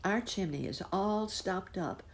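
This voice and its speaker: A woman's voice: mid-range voice, lively intonation, measured pace, voice pushed up. Woman doing a glum young boy. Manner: sighing, glum.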